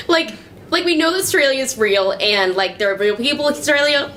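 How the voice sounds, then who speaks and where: A woman's voice: high voice, expressive, moderate pace, a bit bright, a little hiss or hum. Actress as a chatty American woman. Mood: amused. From New Mexico, US. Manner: chatty, filler-heavy, laughing asides. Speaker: stage actor in verbatim theatre. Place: small theatre stage, live.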